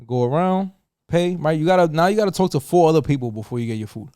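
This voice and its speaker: Man, new york accent, middle-aged, lively pitch, dry close sound, swearing storyteller. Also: fast talker, smooth, no room sound. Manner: animated, swearing, acts out other voices. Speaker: podcast co-host. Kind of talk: casual storytelling.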